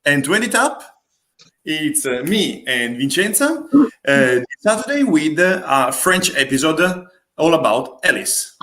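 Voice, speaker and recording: A man hosts a casual craft livestream, his voice bright and sharp with wide swings in pitch. He hesitates often, filling gaps with "uh" and restarting, and he teases his co-host playfully. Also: sing-song, measured pace. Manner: hesitant, many fillers and restarts; playful, teasing.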